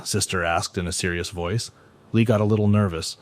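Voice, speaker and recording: A man narrating a story recap in a plain, steady storytelling manner. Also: deep voice, fairly quick, no echo.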